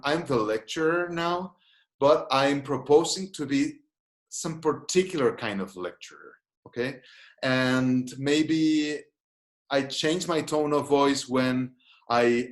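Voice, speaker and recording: A man who is a therapist, giving an online seminar. He explains things thoughtfully and invites listeners to try short exercises. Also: medium pitch. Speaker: gestalt therapist teaching a seminar. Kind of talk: online webinar lecture. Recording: roomy echo.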